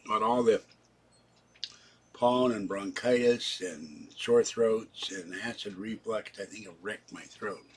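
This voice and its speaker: A man in his seventies hosts a casual live stream, his voice on the low side, slow and slightly rough. Chatty and talking straight to his viewers, the channel host rambles from one topic to the next.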